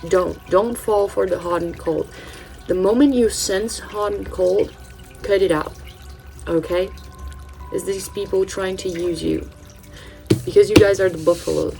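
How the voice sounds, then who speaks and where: A woman's voice: medium pitch, steady tone, measured pace, gravelly, pauses often, darkish tone, soft background music, poor audio. A Brazilian-born woman in her thirties, a native Portuguese speaker with a mixed British and Californian English accent, chatting casually through an oracle card reading with many ums and restarts. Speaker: channel host, spiritual card reader.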